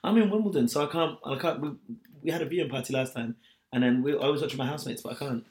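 A man's voice: medium pitch, very fast, a little mellow. A man chatting animatedly as a podcast co-host, laughing often. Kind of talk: casual chat.

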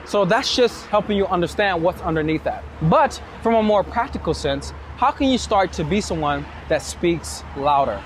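High-voiced man coaching on a street. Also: normal speed, few pauses. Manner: energetic, direct, casual, with swearing. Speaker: dating coach and show host. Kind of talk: advice monologue to camera. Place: outdoors on a city street at night. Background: street noise, passing vehicles, distant shouting.

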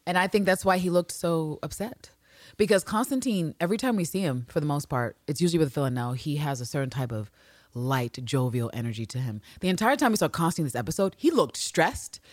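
Animated woman podcaster, lively pitch. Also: brisk, no room sound. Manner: animated, profane, acts out characters' lines. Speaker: podcast co-host. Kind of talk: casual recap chat.

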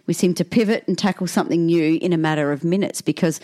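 A woman's voice: lowish voice, fast talker, mellow. A woman co-hosting a podcast about motherhood, joking brashly in casual chat. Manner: brash, jokey, swears casually. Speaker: podcast co-host.

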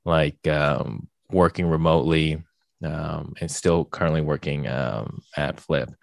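A young man hosting a podcast in casual chat, rambling with lots of fillers and getting animated when he jokes. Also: rumbling low, unhurried, gravelly, no echo. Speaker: podcast host.

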